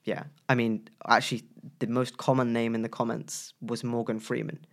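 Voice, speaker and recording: Man, voice professional in casual chat, lively with loud playful emphasis. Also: mid-range voice, moderate pace. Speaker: co-host, voice professional.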